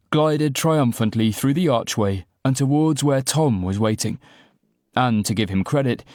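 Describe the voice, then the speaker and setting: In a studio-quality recording with no room sound, a man with a mid-range voice narrates a romantic comedy audiobook in the first person. His scripted reading has wry, self-deprecating comic timing.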